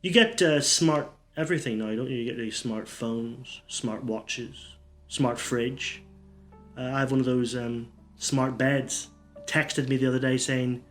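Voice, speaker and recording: A man's voice: medium pitch, steady tone, a little slow. Brief: man, absurd one-liner stand-up, rambling delivery, faint music behind. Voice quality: rambling, self-interrupting. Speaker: stand-up comedian.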